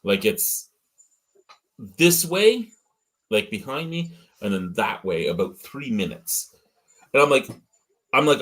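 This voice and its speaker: A man's voice: medium pitch, very animated, slow, long pauses, fairly bright tone. A man co-hosting a casual beer review chat, ranting with lots of swearing and getting worked up. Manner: profane, ranting, gets worked up. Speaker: beer review show co-host.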